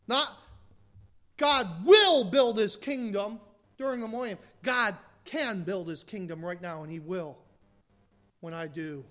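A male pastor preaching an impassioned sermon that swings from loud emphasis to quiet intensity, with direct questions to the congregation. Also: on the high side.

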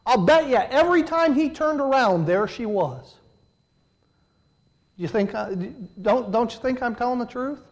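High-voiced preacher with dramatic swings. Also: male voice, animated, measured pace. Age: middle-aged. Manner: dramatic swings from loud emphatic peaks to hushed low delivery, acting out quoted voices. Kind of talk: sermon.

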